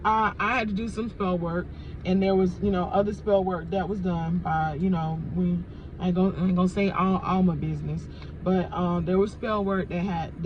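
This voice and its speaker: Animated, swearing woman vlogger. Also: medium pitch. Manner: animated, profane, swears freely. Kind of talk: casual storytime rant. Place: indoors, filming herself. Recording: slightly dull lo-fi audio with clear background noise.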